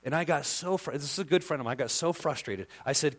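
A male pastor preaching a sermon with passion, dropping to a hush and then rising to loud emphasis. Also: a little high, fast. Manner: impassioned, swings from hushed to loud emphasis.

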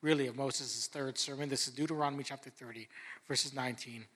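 A man preaching a sermon as pastor, earnest, dropping softer and quieter when he reads scripture. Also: mid-range voice, steady tone, fairly quick.

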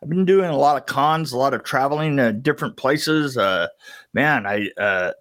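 A man's voice: medium pitch, moderate pace, fairly bright tone. A middle-aged man telling a story as a podcast guest, rambling, stumbling over restarts and laughing at himself. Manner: rambling, stammering restarts, self-mocking laughter. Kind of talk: casual storytelling chat.

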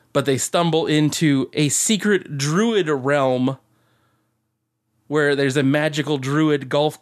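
A man co-hosting a podcast, telling rambling stories in casual chat with lots of swearing and laughter. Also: on the high side. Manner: rambling, profane, laughing storyteller. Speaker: podcast co-host.

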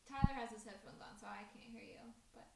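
A woman's voice: mid-range voice, fast talker, creaky, warm tone, echoey room. A woman chiming in off to the side of a casual podcast, playful and speaking from away from the microphone. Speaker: housemate chiming in. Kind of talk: casual chat.

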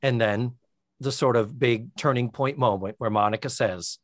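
A man co-hosting a podcast, recapping a TV episode in casual chat with a wry, sarcastic, animated manner. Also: medium pitch, normal speed, dry recording, clean studio sound. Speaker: podcast co-host.

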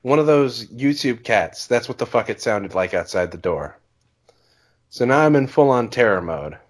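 A man's voice: mid-range voice, lively intonation, moderate pace. A man on a podcast reading a horror story aloud, swearing and slipping in and out of a put-on accent. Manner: profane, trying out a reading accent. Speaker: podcast co-host.

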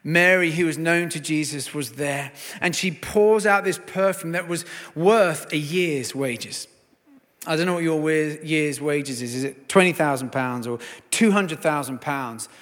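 A man preaching a sermon and telling a story, swinging from hushed to loud. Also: on the high side, unhurried, big-room sound.

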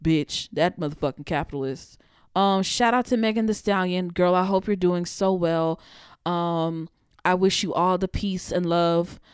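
A woman's voice: lowish voice, a little slow, smooth, dry recording, studio quality. A woman hosting her own podcast, talking freestyle in a blunt, heated, profane monologue. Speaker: podcast host.

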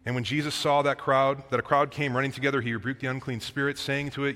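A man's voice: mid-range voice, flat delivery, fast, hardly any pauses, sharp tone. A man preaching a conversational sermon, reading scripture aloud and explaining it to the congregation. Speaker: pastor. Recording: long reverb of a hall.

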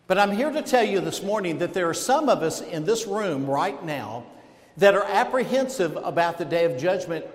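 In a church sanctuary, a pastor delivers a sermon in a fairly high voice, preaching emphatically and pausing for dramatic effect. The hall is echoey, and the reverb trails on long after each phrase.

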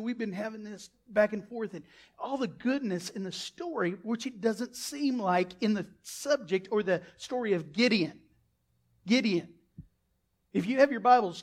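A male pastor preaching a sermon with animated delivery. He breaks into loud bursts and acts out quotes. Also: high-pitched.

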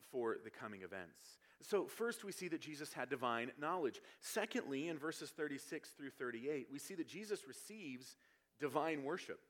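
A man's voice: mid-range voice, a bit bright. A man preaching a sermon, explaining scripture verse by verse and building to emphatic passages. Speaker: pastor.

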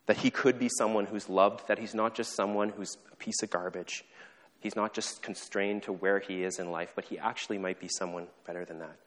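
A man preaching a sermon, telling a story earnestly and falling to a soft hush when he quotes the characters. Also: lowish voice, steady tone, a little fast. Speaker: pastor. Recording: long hall reverb.

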